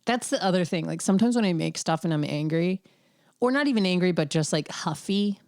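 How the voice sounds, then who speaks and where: A woman's voice: lowish voice, lively intonation, brisk, darkish tone, no room sound, studio quality. A woman hosting her own podcast solo, talking in a candid, wry, rambling way with lots of fillers. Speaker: podcast host. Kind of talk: casual solo podcast chat.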